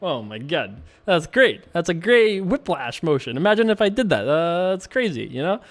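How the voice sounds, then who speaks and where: A talkative man with a voice slightly higher than usual keeps up easygoing banter while he plays poker online. He jokes at his own expense and laughs often. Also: very animated, normal speed. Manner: chatty, joking, laughs often. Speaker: poker vlogger. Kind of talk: casual commentary while playing online poker.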